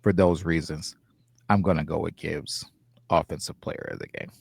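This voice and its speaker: A man co-hosting a casual sports podcast, giving football picks in a measured, halting way with many fillers. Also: rumbling low, steady tone, creaky, darkish tone, breathy edge, no room sound, clean studio sound. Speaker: co-host.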